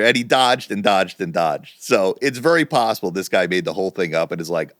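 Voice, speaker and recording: A middle-aged man co-hosting a casual podcast, telling stories with lively energy and free swearing. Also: deep voice, fairly quick, hardly any pauses, no room sound, studio quality. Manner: animated storytelling, swearing freely. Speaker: podcast co-host. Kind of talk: casual chat.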